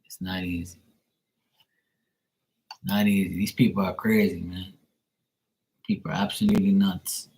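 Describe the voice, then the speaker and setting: A man with a very low voice hosting a casual livestream tarot session. He talks bluntly and profanely, ranting in a loose, chuckling way. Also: level tone, unhurried, long pauses, a little mellow, low-quality recording.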